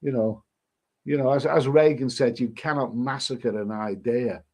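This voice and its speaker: A man's voice: mid-range voice, moderate pace, mellow, highs cut off. A man hosting a casual live stream, reading viewer comments aloud and answering them with rambling, chuckling asides and many restarts.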